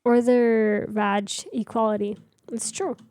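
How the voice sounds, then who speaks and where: A woman's voice: a little high, flat delivery, takes it slowly, darkish tone, no echo. A young woman streamer chatting casually with her viewers while building in a game, rambling and answering chat.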